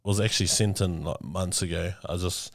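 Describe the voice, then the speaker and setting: A man's voice: low-pitched, steady tone, moderate pace, creaky. A man with a New Zealand accent co-hosting a comedic podcast, brash and laddish, tossing "mate" into nearly every phrase. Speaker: podcast co-host.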